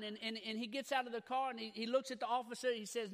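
Pastor guy in his 30s, higher voice for a man, folksy and fired up, repeats himself a lot. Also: fast talker, few pauses. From Louisiana. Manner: folksy, repetitive, energetic. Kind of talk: sermon.

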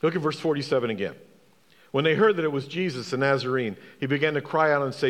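A man's voice: mid-range voice, quick pace, long reverb tail. A man, a pastor, preaching a sermon, emphatic, asking the congregation questions and repeating key phrases.

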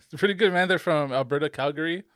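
A man's voice: on the high side, fairly bright tone. A man co-hosting a podcast in casual chat, joking and teasing and laughing often. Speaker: podcast co-host.

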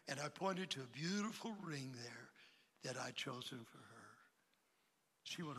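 An older man preaches a sermon in a big church auditorium, his voice high and piercingly bright. He jumps from loud, emphatic declarations to quiet, confiding asides. The sound carries a long reverb from the hall. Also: animated, measured pace, slightly rough. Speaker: pastor.

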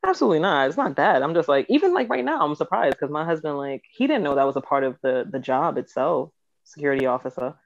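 A woman's voice: deep voice, animated, quick pace, highs cut off. A woman chatting casually, hesitant, with lots of fillers and restarts. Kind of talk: casual chat.

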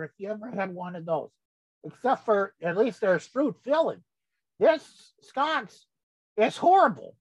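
A woman's voice: fairly high pitch, slightly rough, no echo, exaggerated voice, low-quality recording. A woman voicing a cranky, rambling old grandfather who gets sidetracked in a folksy comic monologue. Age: older. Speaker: comedy character host.

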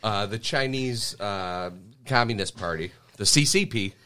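A man's voice: lowish voice, expressive, unhurried, heavy background noise. A young man, a guest on a podcast, explaining his view at length in casual chat. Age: young adult.

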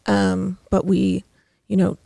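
A woman in her thirties, a podcast guest in a studio, telling a painful personal story haltingly, with many fillers and restarts. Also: mid-range voice, completely flat delivery, gravelly, dark tone, no room sound.

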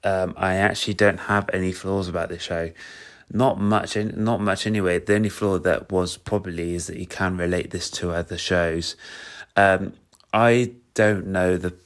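A man's voice: low voice, steady tone, normal speed. A young British man giving a casual, enthusiastic spoken review of a musical, full of fillers and restarts. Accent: British English. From Britain.

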